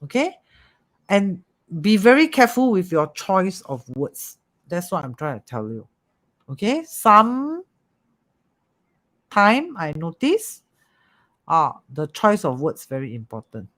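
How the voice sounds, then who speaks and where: Metaphysics teacher, livestream class, animated, keeps checking "okay?". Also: medium pitch. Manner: animated, repeats "okay?" and "ah", coaxing.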